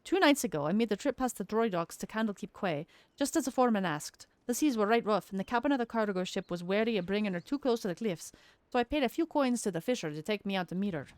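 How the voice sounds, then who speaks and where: A woman's voice: medium pitch, lively intonation, fast talker, a little mellow, no room sound, close to an everyday voice. A woman voicing a worried young male dockhand in a put-on rustic seafaring accent with old-fashioned folksy dialect. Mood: earnest.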